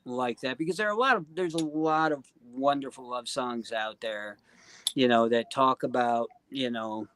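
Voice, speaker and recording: A man's voice: mid-range voice, moderate pace, a bit bright. Earnest man, heartfelt and rambling. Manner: earnest, heartfelt, full of "you know" and "um". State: choked up. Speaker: guest singer-songwriter. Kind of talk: casual interview talk.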